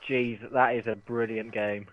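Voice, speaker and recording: A man's voice: mid-range voice, flat delivery, a little slow. A man hosting a casual podcast chat, enthusiastic, moving the talk along and reading out listener posts. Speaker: podcast host. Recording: dry tinny phone-like line.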